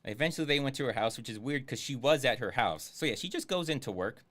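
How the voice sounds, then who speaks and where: Sarcastic man, swooping pitch. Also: lively intonation, fast, fairly bright tone. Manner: sarcastic, swears freely. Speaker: streamer reviewing a film. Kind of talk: casual livestream commentary.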